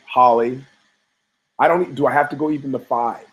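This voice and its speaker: A man's voice: medium pitch, moderate pace, fairly bright tone, rough recording. A man with a mid-range voice hosts a fight podcast in loose, rambling commentary. He talks profanely and drifts into stories and asides, often restarting his sentences. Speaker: podcast host.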